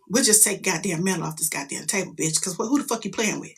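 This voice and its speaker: A middle-aged woman, a mother, telling a story in casual chat, animated and profane, jumping into loud quoted outbursts. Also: mid-range voice, quick pace, hardly any pauses, slightly rough.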